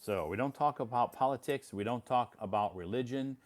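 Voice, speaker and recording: An American man in middle age hosts a casual English-learning live stream, talking in a relaxed, encouraging way, repeating phrases and answering viewers' comments. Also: medium pitch, a little fast. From United States.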